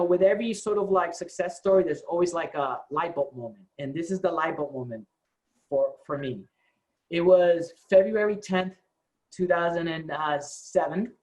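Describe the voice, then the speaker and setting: A man's voice: on the high side, normal speed, rough recording. A man, a company co-founder, telling the story of his start to his staff, acting out the dialogue. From United States. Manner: animated storytelling, acts out quoted dialogue.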